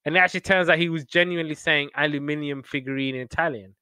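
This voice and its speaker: A young man hosts a casual podcast chat, rambling through memories of old TV shows and slipping into playful quoted voices. His voice is smooth and resonant, recorded dry and close with no room sound. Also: on the high side, level tone, racing, bright, forceful tone, no echo.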